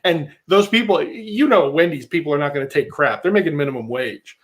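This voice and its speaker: Brief: sarcastic male livestream co-host, highish voice, ranting comedic commentary. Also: lively intonation, a little fast, fairly bright tone.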